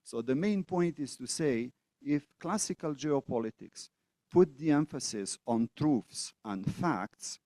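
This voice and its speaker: Man, middle-aged, guest lecturer, mellow voice, dry sound, halting with uh pauses. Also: mid-range voice, lively intonation, no room sound. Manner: deliberate, with frequent "uh" pauses and repetitions. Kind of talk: academic lecture. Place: auditorium.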